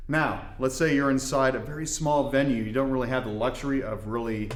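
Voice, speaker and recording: A man from Indiana explaining hand-drum technique in a relaxed, step-by-step way with folksy asides. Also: medium pitch, fairly quick, echoey room, over loud music. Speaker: darbuka teacher. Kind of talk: instructional demonstration.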